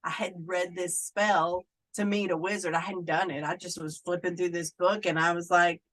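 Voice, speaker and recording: A woman's voice: lowish voice, flat delivery, moderate pace, fairly bright tone, rough recording. A middle-aged woman, a Wiccan clergy member, talking casually in an interview and slipping into playful voices when she quotes people.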